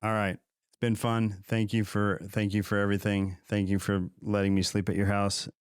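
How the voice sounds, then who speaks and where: A man's voice: on the low side, flat delivery, normal speed, clean tone, no echo, clean studio sound. A man hosting a casual podcast chat, jokey, chiming in and laughing along with his guest. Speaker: podcast host.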